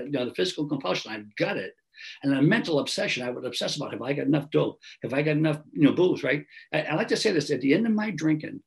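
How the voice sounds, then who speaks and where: A man's voice: on the high side, gravelly, rough recording. A man, telling his recovery story in an earnest, conversational way over a video call. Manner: earnest, conversational, repeats phrases, frequent "right?". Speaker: recovery meeting speaker. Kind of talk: personal testimony talk.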